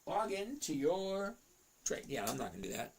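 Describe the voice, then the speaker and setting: A man with a gravelly, slightly high voice chats casually on a livestream. He reads out viewers' names and answers them, talking to himself as he checks figures. His delivery is loose and conversational. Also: sing-song, moderate pace, slight background noise. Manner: chatty, reads chat names aloud, talks to himself over charts. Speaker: livestream host answering chat.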